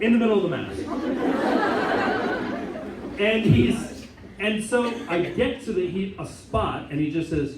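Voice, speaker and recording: Brief: American man, a chaplain at an informal talk, bouncy delivery, slightly high voice, lots of asides. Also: moderate pace, a faint crowd, a little hiss or hum. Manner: animated storytelling with many asides and laughs. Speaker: Catholic priest and chaplain. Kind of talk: informal talk to a student group. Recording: echoey room, mic at a distance.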